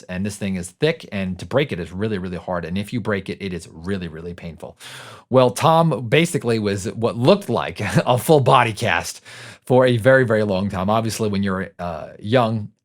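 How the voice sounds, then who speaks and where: A man's voice: on the low side, lively intonation, normal speed. A middle-aged man hosting a podcast, telling a casual story in a conversational way and often checking in with the listener. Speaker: podcast host.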